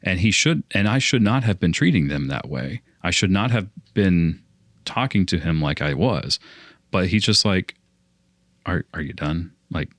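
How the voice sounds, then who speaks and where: A man's voice: deep voice, big pitch swings, normal speed, fairly bright tone, no echo, clean studio sound. A young man on a casual podcast, telling a long story in a rambling way and often restarting his sentences. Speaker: podcast co-host.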